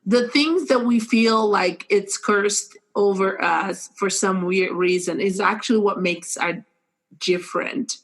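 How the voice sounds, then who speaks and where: Animated woman host, playful and laughing. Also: mid-range voice, takes it slowly. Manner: animated, laughs often, bursts into playful acted quotes. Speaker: podcast host. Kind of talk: casual podcast chat.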